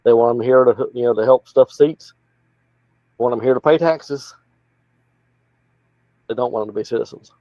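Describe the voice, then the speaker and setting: A plainspoken Appalachian man from North Carolina, appearing as a political candidate guest, speaks in a mid-range voice at normal speed with long pauses. The casual interview has lo-fi sound without echo, and his manner is folksy and rambling.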